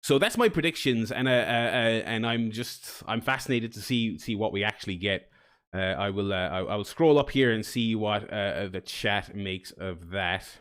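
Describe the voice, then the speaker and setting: A man's voice: fairly low pitch, normal speed, a bit bright, clean tone. Rambling chatty male streamer. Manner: chatty, rambling with many restarts and swearing. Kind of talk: casual live-stream chat.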